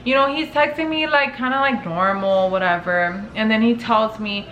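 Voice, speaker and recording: A woman's voice: mid-range voice, moderate pace, hardly any pauses, background noise. A young woman telling a personal story to camera in casual chat, full of fillers and swearing. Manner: chatty, filler-heavy, swears casually, acts out quotes. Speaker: storytime vlogger. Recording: echoey room with faint ambience.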